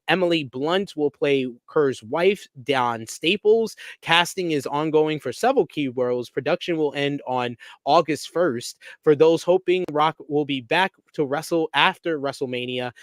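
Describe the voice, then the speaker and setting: A man's voice: a little high, no echo. A man hosting a podcast, reading out wrestling news steadily with small stumbles. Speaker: podcast host.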